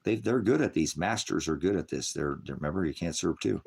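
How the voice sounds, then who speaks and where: Very deep-voiced rambling male preacher. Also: lively intonation, fairly quick, vocal fry, darkish tone, breathy edge. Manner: rambling, chuckling, mocking put-on voices. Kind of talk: casual livestream preaching.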